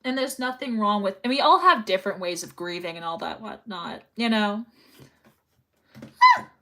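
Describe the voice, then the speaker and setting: A woman's voice: mid-range voice, fairly quick, pushed and bright. A young woman chatting casually on a livestream while sewing, rambling and reading chat messages aloud. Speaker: live streamer.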